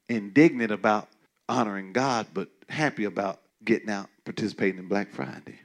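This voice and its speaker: A man preaching a sermon as pastor, talking to the congregation in a conversational way with many restarts, dropping to quiet asides and rising to loud, emphatic declarations. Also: mid-range voice, lively intonation, normal speed. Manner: frequent stammering restarts.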